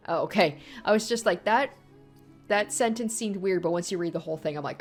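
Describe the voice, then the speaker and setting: A woman with a lowish voice chats and reacts as she plays a story game, thinking out loud and puzzling over the plot. Her talk is loose and casual. Soft music plays faintly underneath. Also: a little fast. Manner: chatty, easily surprised, thinks aloud. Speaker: let's play host.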